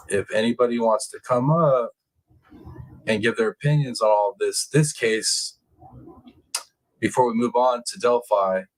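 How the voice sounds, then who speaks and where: A man hosting a casual livestream from home, chatting with viewers and reading their comments in a relaxed, drawling way that jumps higher when he gets excited. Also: low-quality recording. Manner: laid-back, chatty, drawling out words. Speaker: livestream host reading chat.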